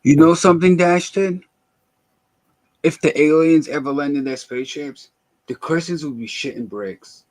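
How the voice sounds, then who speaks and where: A man's voice: a little high, unhurried, dry recording. A middle-aged man chatting on a livestream as a guest, blunt and joking, with casual swearing.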